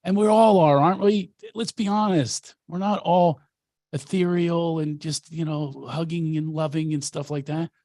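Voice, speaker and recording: A man's voice: on the high side, steady tone, normal speed, mellow, no room sound, studio quality. Brash storytelling comedian man. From Philadelphia. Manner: brash, self-mocking, preachy. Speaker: comedian and coach. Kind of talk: casual storytelling chat.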